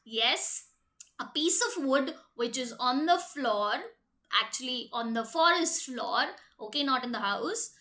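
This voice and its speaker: A preschool teacher, a woman, telling a story to young children in a slow, sing-song way and asking them questions. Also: high-pitched, expressive, sharp tone.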